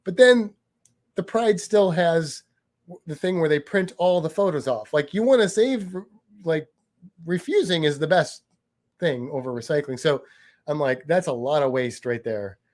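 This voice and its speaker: A man co-hosting a relaxed chat show, rambling along with frequent restarts and self-corrections. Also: fairly high pitch, normal speed. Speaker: podcast co-host. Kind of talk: casual chat.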